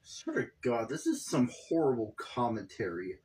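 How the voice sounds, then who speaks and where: A man's voice: medium pitch, sing-song, normal speed, a little mellow, soft background music. A man giving casual, profane reaction commentary on a video, exasperated and rambling.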